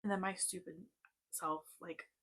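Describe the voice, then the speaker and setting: A woman's voice: fairly low pitch, fairly even intonation, measured pace, a bit bright, breathy edge. A woman in her thirties telling a personal story in a casual, chatty way, full of "like" and tense asides. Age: 30s. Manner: chatty, lots of "like", tense retelling. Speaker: vlogger. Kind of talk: casual storytime while doing makeup.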